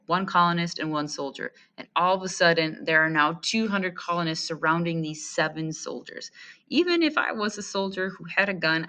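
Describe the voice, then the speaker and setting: A woman teacher with a fairly low, sharp-toned voice reads a history text aloud as a lesson. She pauses to comment, posing friendly rhetorical questions to her listeners.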